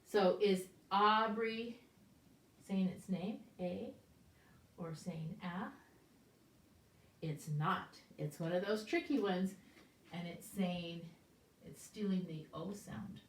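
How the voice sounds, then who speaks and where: An older woman gives a slow, unhurried preschool phonics lesson, carefully stretching out each sound and checking in with gentle questions. Her voice sits in a middle range and comes from some distance away from the camera. The recording has a roomy echo around it. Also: mid-range voice, slight background noise. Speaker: preschool teacher. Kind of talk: slow, clear phonics lesson for small children. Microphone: camera set up at a distance.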